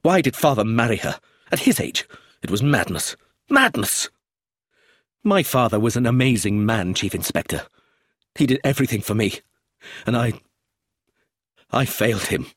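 A man voicing an emotional, excitable middle-aged man in a read story, speaking in an agitated way. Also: mid-range voice, normal speed, pauses often, dry recording, natural voice.

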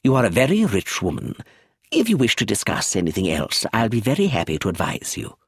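Male reader as a dry formal lawyer, brisk and husky. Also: on the low side, huge pitch swings, dry recording, heavily acted.

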